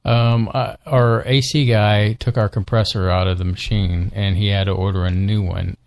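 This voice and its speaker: A man with a low, gravelly voice co-hosts a live internet talk show in relaxed, casual chat. He rambles and fills his sentences with "you know" and "um.". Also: normal speed. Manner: rambling, many fillers. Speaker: podcast co-host.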